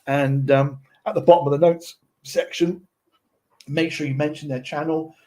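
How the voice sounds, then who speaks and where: A man's voice: on the high side, fairly even intonation, moderate pace, mellow. A man presenting a casual tutorial, chatty and often checking in with his listeners.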